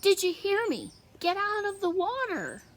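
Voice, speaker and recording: A woman voicing an outspoken young girl who yells eagerly and gushes. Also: a little high, sing-song, normal speed, a little hiss or hum. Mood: urgent. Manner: loud, eager yelling. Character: bold, outspoken young girl narrator-heroine.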